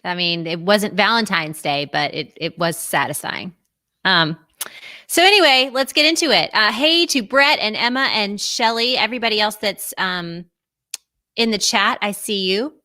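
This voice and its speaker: A woman's voice: medium pitch, lively intonation, moderate pace, sharp tone, no room sound, clean studio sound. A woman hosting a casual live-streamed chat, bubbly and chatty and laughing often, on a video call. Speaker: host.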